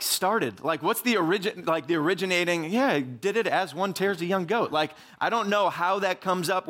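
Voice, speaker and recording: A young man giving a casual, animated sermon, full of "like" and asides. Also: on the high side. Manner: animated, filler-heavy, says "like" often.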